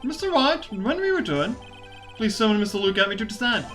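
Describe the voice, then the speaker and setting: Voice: mid-range voice, big pitch swings, brisk, a bit bright, faint music behind. A streamer voicing a stern older male judge from a visual novel game, reading the lines formally and stiffly, with a few stumbles.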